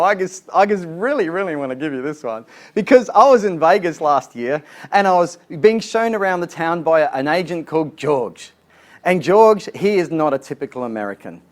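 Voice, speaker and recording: A man giving an animated, chatty training seminar as a sales trainer. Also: a little high, normal speed. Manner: animated, chatty, laughs at his own jokes.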